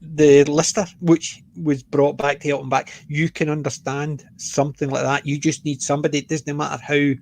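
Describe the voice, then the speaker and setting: A Scottish man hosting a stream, chatting casually about a book, self-mocking and quick to laugh. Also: fairly high pitch, flat delivery, darkish tone, no echo. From Scotland. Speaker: stream host.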